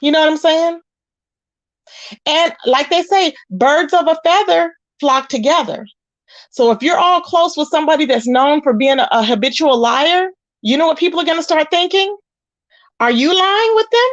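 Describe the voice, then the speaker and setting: A woman's voice: high voice, moderate pace, no echo. A woman doing casual live-stream commentary, reading chat aloud in a sassy way, calling viewers child and honey. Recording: dull lo-fi, dry.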